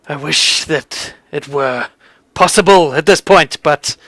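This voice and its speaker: Casting: slow, ominous giant seer prophesying doom, voiced by a man running the game, dry sound. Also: fairly high pitch, sharp tone, no echo, full character voice. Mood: grim. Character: grim male stone-speaking giant seer, ominous.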